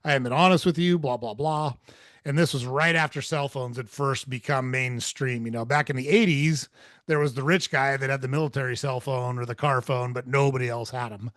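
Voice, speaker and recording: A man's voice: medium pitch, moderate pace, no room sound. Podcast host, man, 40s, blunt and casual, swears freely, dry recording. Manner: candid, swears freely, animated when quoting. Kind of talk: casual storytelling conversation.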